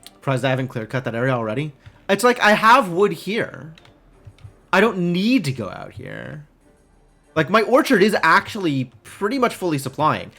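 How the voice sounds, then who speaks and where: A man's voice: fairly high pitch, very animated, normal speed, creaky, pushed and bright, soft background music. A man streaming a game live, thinking aloud in casual, rambling commentary full of "like" and puzzled questions to himself.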